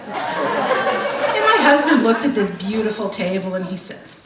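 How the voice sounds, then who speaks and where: A woman's voice: medium pitch, big pitch swings, measured pace, pauses often, over a noisy crowd. A middle-aged woman telling a stand-up comedy story in a brash, swearing, punchy way, with audience laughter behind her. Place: comedy club stage. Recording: roomy hall mic from far off, noisy.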